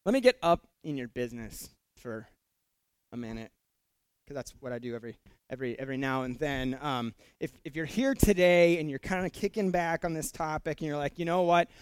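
Pastor guy giving a chatty funny sermon, kinda high voice, super clean and clear. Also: brisk, dry recording. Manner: conversational and jokey, repeats words when excited.

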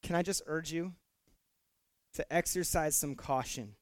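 A man preaching in a conversational, joking way, often doubling his words as he builds a point. His voice sits high for a man and comes through smooth and clear. The recording is dry and close. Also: a little slow, no echo. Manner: conversational and jokey, repeats words when excited. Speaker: pastor. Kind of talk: sermon.

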